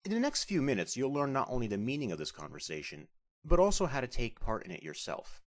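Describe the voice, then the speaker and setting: A man narrating a scripted language lesson as the instructor, speaking carefully and deliberately as he breaks down sounds. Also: mid-range voice, sing-song.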